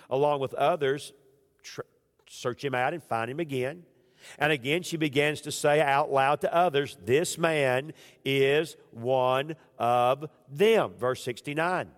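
A man preaching a sermon as pastor. He moves between loud, raised emphasis and hushed, low passages. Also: moderate pace, in a large hall.

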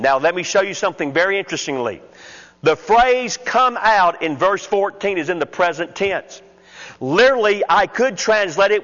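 A man delivers a sermon at an unhurried, measured pace, his voice pitched fairly high for a man. He walks through his points deliberately, counting them off one by one. The sound is slightly muffled and carries a long reverb, like a large hall. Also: a bit bright. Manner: slow, deliberate expository preaching with counted points. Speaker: preacher.

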